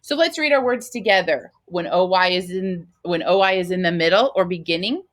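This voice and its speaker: A woman teaching first graders a phonics lesson, her voice a little lower than most women's. She talks slowly and patiently, in the sing-song manner of a classroom teacher. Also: animated. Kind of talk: phonics lesson for young children.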